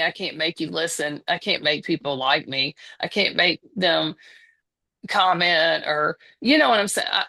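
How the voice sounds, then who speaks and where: Southern woman in her fifties, halting. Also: lowish voice, sharp tone. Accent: Southern American. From Southern United States. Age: 50s. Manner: hesitant, many restarts and fillers. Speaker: podcast guest. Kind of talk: casual conversation.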